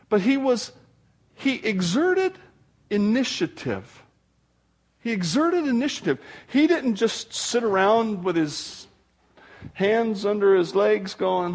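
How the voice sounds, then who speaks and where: An older man, a grandfather, preaching a sermon as pastor, animated and acting out the voices of people in his stories. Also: high-pitched.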